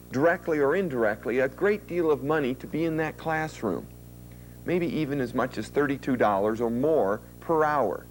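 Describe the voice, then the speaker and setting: A man's voice: medium pitch, a little hiss or hum, poor audio. A man giving an instructional talk to an audience, conversational and emphatic, often asking questions. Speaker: lecturer.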